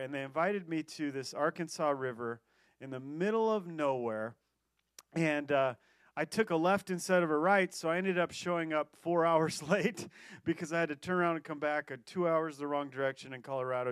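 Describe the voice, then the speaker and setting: A pastor preaching a sermon, telling a personal story in a lively, animated way with quick restarts. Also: male voice, fairly high pitch, smooth, no room sound.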